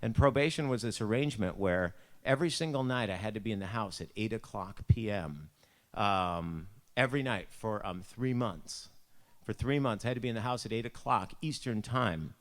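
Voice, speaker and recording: Speaking at a moderate pace in a fairly low voice, a Buffalo, New York man with the local accent shares a self-mocking story during a church devotion. His manner is chatty, and he performs the voices of people in his anecdotes.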